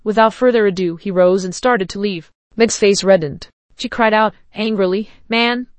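A woman's voice: medium pitch, normal speed, dry recording. Woman narrator reading a story.

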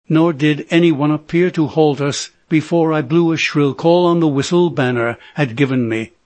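Male audiobook narrator, steady measured read, slightly high voice. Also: dry recording. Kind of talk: scripted narration.

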